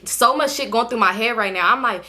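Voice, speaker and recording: Bright animated young woman telling a story. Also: on the high side, fairly quick. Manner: animated, slangy, addresses viewers as y'all. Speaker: storytime vlogger. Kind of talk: casual storytime chat to viewers. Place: indoors at home under a ring light.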